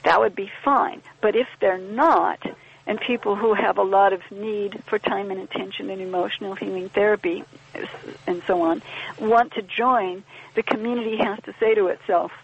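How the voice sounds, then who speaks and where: A woman's voice: mid-range voice, steady tone, moderate pace, vocal fry. A woman guest on a podcast, explaining ideas in a thoughtful, wry conversational way and acting out little quoted exchanges. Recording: dull lo-fi podcast audio.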